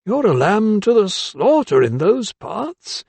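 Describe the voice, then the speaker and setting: Man putting on a blustering old male doctor, gruff, raised voice, slow drawn-out words, dry sound. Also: high voice, sing-song, darkish tone, no room sound, voice pushed up, full character voice. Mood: insistent, commanding. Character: elderly male anatomist, gruff, blustering, inquisitorial.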